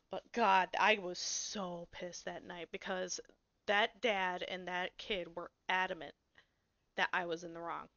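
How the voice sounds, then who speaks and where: This podcast co-host speaks at a fairly low pitch and takes her time, recorded dry with dull audio. She's an animated storyteller, telling a tale in casual conversation, blunt and quick to swear.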